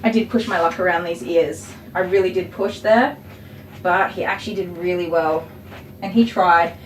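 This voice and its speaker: A woman's voice: fairly low pitch, fairly even intonation, moderate pace, roomy sound, distant mic, slight background noise, low-quality recording. A woman dog groomer with a cold, chatting through her work on a live stream and cooing to the dog now and then. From Australia. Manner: chatty, explains as she works, coos to the dog. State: has a cold, short of breath. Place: grooming salon.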